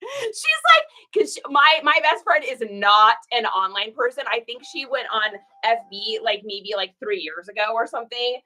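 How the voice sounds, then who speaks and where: A woman chats through a casual live stream as she packs and ships orders. She tells stories and reads viewer comments aloud in a folksy way, saying y'all. Her voice sits a little high and sounds bright and forceful. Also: big pitch swings, moderate pace. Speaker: reseller hosting a live shipping stream.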